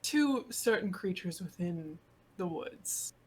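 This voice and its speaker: A woman voicing her tabletop character, a calm speaker for the frogs of the woods. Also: on the low side, slow, slightly rough, heavily acted. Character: calm wood-dwelling frog speaker.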